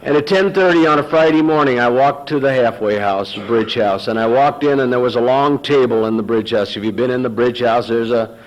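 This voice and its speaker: A man's voice: medium pitch, a little fast, few pauses, dull audio. Middle-aged man, folksy storyteller, quotes dialogue. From Texas. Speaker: recovery meeting speaker. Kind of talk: personal story told to an audience.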